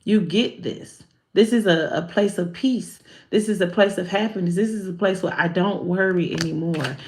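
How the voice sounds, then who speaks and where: A woman giving a live-stream spiritual talk as a card reader, animated, humorous and preachy, with a folksy way of talking. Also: lowish voice, moderate pace.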